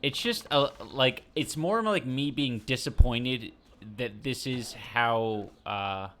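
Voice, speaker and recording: A young man with a bright, forward voice, talking casually while he plays a game on stream. He speaks slowly and haltingly, stopping to search for words. His pitch sits in the middle range for a man. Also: a little hiss or hum. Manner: slow, halting, many fillers and restarts. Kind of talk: casual chat while gaming.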